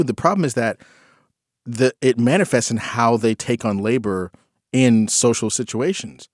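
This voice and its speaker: A man in casual conversation, musing reflectively and recounting a story about his kids, getting animated when he quotes them. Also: medium pitch, moderate pace, no echo, clean studio sound. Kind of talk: casual chat.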